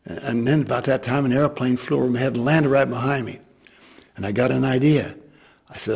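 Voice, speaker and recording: An older American man telling a war memory to an interviewer, lively and acting out the people he quotes. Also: medium pitch, normal speed, vocal fry, slightly rough. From United States. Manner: animated storyteller who voices quoted people. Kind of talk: storytelling.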